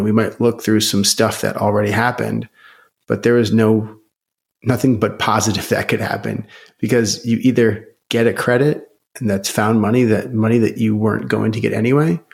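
A podcast guest speaks casually and enthusiastically in a lowish voice with vocal fry. He rambles, leaning heavily on "you know" and other fillers.

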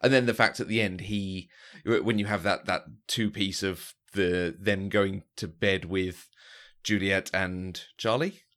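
A man talks about a film in a relaxed, unscripted way. His voice sits low. He often halts and repeats a word before the thought comes out. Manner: halting, repeats words when starting a thought. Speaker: podcast co-host. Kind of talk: casual film discussion.

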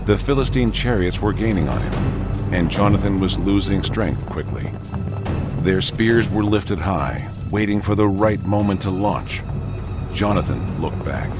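A man giving a measured, dramatic narration of a story. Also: fairly low pitch.

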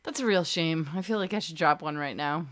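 A woman co-hosting a podcast in casual chat, telling animated stories bluntly and swearing freely. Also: low-pitched, brisk. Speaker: podcast co-host.

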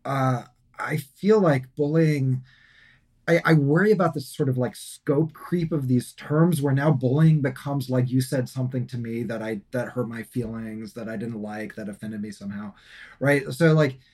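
A man's voice: mid-range voice, normal speed, a little mellow, husky. Male podcast host, thoughtful, questioning, conversational. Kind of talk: casual conversation.

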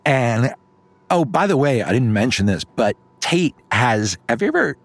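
A man telling an improvised comic bedtime story on a podcast, slipping into quick character voices. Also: medium pitch, no room sound. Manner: animated storytelling with sudden put-on voices.

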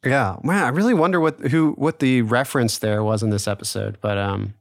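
A man's voice: medium pitch, brisk, creaky, no room sound, studio quality. A man co-hosting a podcast, chatting casually about an episode, laughing often and trailing off with fillers. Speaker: podcast co-host. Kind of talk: casual chat.

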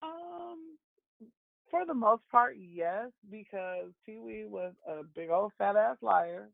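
A woman's voice: medium pitch, expressive, slow pace, gravelly, no room sound. A woman co-hosting a podcast, chatting casually with blunt, wisecracking remarks. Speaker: podcast co-host. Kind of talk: casual chat. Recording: tinny phone-line sound.

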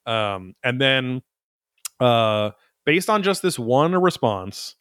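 A man's voice: medium pitch, big pitch swings, slow pace, fairly bright tone, clear, resonant tone, no echo, studio quality. A man hosting a podcast, recapping an episode in a rambling, profane, wry casual chat. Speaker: podcast host.

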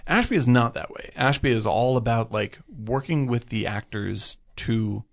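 A man in casual film chat, rambling with lots of fillers and getting animated when he retells scenes. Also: medium pitch, moderate pace, vocal fry.

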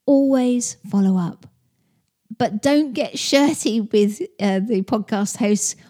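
A woman's voice: on the high side, takes it slowly, mellow. A woman who hosts a podcast, giving business advice in a chatty, direct way and explaining with stories and analogies. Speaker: podcast host.

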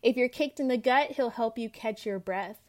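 A woman's voice: a little high, normal speed. A woman hosting a faith podcast, sharing her personal testimony in an earnest, heartfelt way and quoting scripture. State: tearful at times. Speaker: podcast host.

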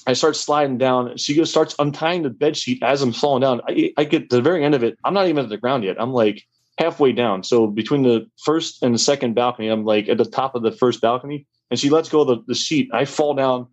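A man's voice: medium pitch, a little fast, dull audio. A young man telling a wild story in a casual, rambling way, full of fillers.

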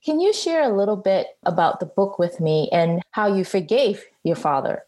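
A woman's voice: mid-range voice, expressive, normal speed, a little mellow. A woman hosting a faith-based interview, attentive and affirming as she asks her questions. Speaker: interviewer host.

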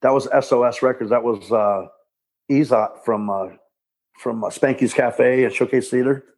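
A man talks casually as an interview guest about his old band days. His voice is gravelly and a bit husky. He rambles, stops, and restarts his sentences. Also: medium pitch, a little mellow. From Southern California. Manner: rambling, halting, with restarts and laughs. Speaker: punk singer, guest.

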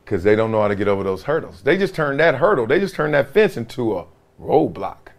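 Animated middle-aged man with lively pitch. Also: a little fast. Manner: animated, slangy storyteller who acts things out. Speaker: podcast host, former football player. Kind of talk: casual sports commentary.

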